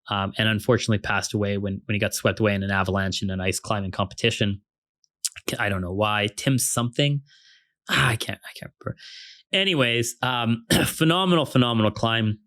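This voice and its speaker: A young man from Canada telling an ice-climbing story in a casual, excitable, rambling way, full of fillers and restarts. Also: on the low side, no echo, clean studio sound.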